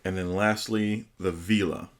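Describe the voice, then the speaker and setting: Host with a very low voice doing a casual unboxing review, chatty and enthusiastic. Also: male voice, fairly even intonation, unhurried. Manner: enthusiastic, chatty, with hesitant pronunciations. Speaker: host reviewing tabletop game books.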